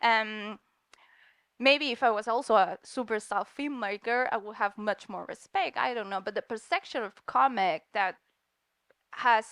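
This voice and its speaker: A woman's voice: on the high side, a little slow, fairly bright tone, clean tone, dry recording, studio quality. A cheerful woman from Spain, a comic artist giving a talk at a university event, laughing often and slipping in words. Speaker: guest speaker, comic artist. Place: lecture room in New York.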